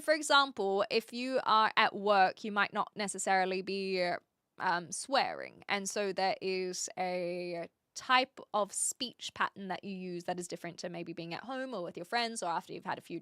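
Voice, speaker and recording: Chatty bright-voiced woman streamer. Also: mid-range voice, no echo, clean studio sound. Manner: rambling, self-correcting, frequent fillers. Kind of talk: casual chat answering viewers.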